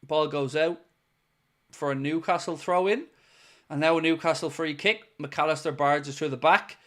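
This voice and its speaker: A man's voice: fairly high pitch, normal speed, a bit bright. A man hosting a live football watchalong, mixing play-by-play with joking chat to his viewers. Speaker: host.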